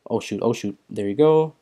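A young man casually commentates his mobile game on a live stream, excitable and swearing often as he reads chat aloud. Hiccups and throat-clearing keep troubling him. His voice sits fairly low, and he speaks a little slowly.

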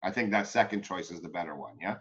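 A man with a lowish voice coaches an acting student in a relaxed, chatty way. He often restarts his sentences, and the audio sounds dull and lo-fi. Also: fast talker. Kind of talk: coaching session.

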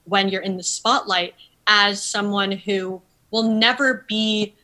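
A woman's voice: mid-range voice, fairly even intonation, slow pace, pushed and bright, low-quality recording. A woman guest on a podcast talking earnestly in articulate, academic phrasing, with plenty of fillers. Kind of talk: earnest conversational interview.

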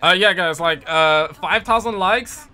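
A man's voice: high-pitched, unhurried, pushed and bright. A young man hosting a gaming livestream, chatting casually and jokingly with viewers, reading their messages in loose slang. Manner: loose, jokey, slangy, lots of "man" and "dude". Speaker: livestream host. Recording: faint music behind.

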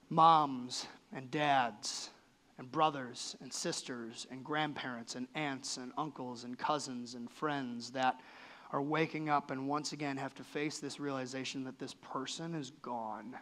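A man's voice: medium pitch, fairly even intonation, unhurried, fairly bright tone. A male pastor giving a sermon in a church, earnest and conversational, his voice rising and falling sharply. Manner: earnest, conversational preaching with sudden lifts and drops in voice.

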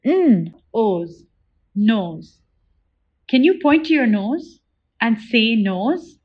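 A young woman teacher leading a children's phonics lesson, slowly sounding out words and patiently asking the listener to repeat after her. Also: fairly high pitch, lively intonation, highs cut off. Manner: slow, drawn-out sounding out of words; patient, encouraging prompts to repeat.

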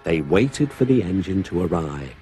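Expressive male storybook narrator. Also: low voice, moderate pace. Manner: expressive, lilting storyteller delivery. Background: music.

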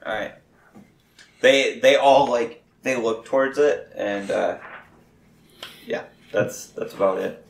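Slow, halting man as game master. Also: medium pitch, vocal fry, slight background noise. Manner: halting, lots of fillers and restarts. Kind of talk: narrating a tabletop game. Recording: echoey room.

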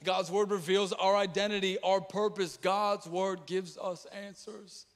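A man with a high, ringing voice preaches a passionate sermon in a large church. He repeats his lines for emphasis and drops to near-whispers before rising again. His voice carries a long reverb tail off the hall walls. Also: little pitch movement, a little slow. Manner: impassioned, repetitive preaching with dramatic drops to quiet. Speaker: pastor.

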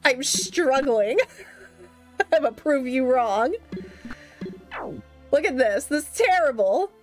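A woman's voice: high-pitched, lively intonation, takes it slowly, soft background music. A young woman streamer giving casual, giggly, self-mocking gameplay commentary at home.

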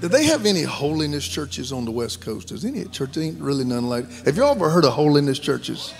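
A man in his fifties with a Southern American accent, a guest pastor preaching a sermon in a folksy, joking way that rises to shouted fervor. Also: fairly high pitch, big pitch swings, fairly quick, vocal fry, music in the background. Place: large church sanctuary.

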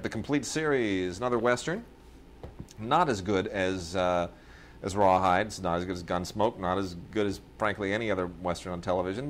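Rambling low-voiced man telling stories. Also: slight background noise. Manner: rambling storyteller, many fillers, mimics people in quoted bits. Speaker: podcast co-host. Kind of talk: casual chat reviewing home video releases.

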